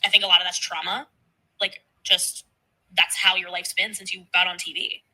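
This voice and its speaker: A woman's voice: fairly low pitch, flat delivery, normal speed, sharp tone, low-quality recording. A woman cohosting a podcast, giving advice in an earnest way. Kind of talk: podcast conversation.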